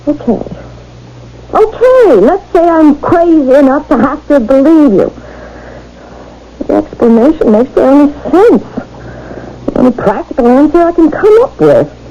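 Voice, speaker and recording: A woman's voice: high-pitched, very animated, normal speed, dark tone. An actress playing an insistent, exasperated woman who saw a murder, in a 1970s radio drama. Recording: dull old radio broadcast with faint hiss.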